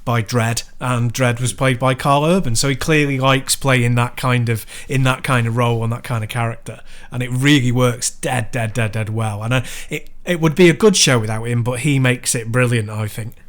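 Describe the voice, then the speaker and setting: A man's voice: mid-range voice, fairly even intonation, moderate pace, hardly any pauses. A man co-hosting a podcast, talking casually with hedging asides. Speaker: podcast co-host. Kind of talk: casual chat.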